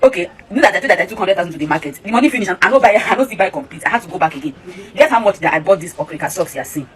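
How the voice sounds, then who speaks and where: A woman's voice: fairly low pitch, expressive, rapid-fire. A Nigerian-accented mother chatting casually and complaining about prices in a vlog.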